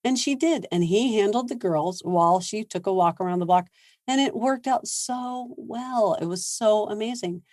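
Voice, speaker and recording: A woman parenting coach giving a seminar talk, animated and laughing often as she acts out quoted lines. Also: mid-range voice, normal speed, no room sound, clean studio sound.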